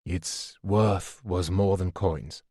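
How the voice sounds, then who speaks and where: Audiobook figure: stubborn wounded man, gruff and low, voiced by the male narrator; dry close recording. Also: fairly even intonation, takes it slowly, dark tone, no echo, heavily acted.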